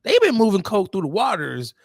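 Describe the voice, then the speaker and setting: A man's voice: brisk, vocal fry, a crowd in the background. A man co-hosting a casual chat show, talking in a playful, loose and joking way. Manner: playful, loose and joking with lively swings in pitch. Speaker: podcast co-host.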